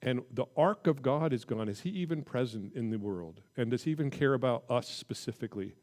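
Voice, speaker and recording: A man teaching a casual midweek Bible lesson, talking conversationally and reading scripture aloud with lively emphasis. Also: medium pitch, a little fast.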